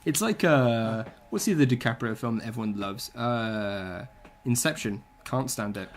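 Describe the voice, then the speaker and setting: A man's voice: mid-range voice, animated, normal speed, a little hiss or hum. A man, chatting casually and bluntly, with strong opinions and plenty of swearing. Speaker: podcast co-host. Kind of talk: casual chat.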